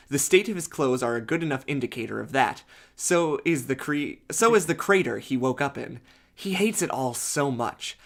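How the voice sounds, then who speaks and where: A man's voice: a little high, a bit bright. A man hosting a casual comedic fanfiction reading, chatting and joking as he reads aloud with asides.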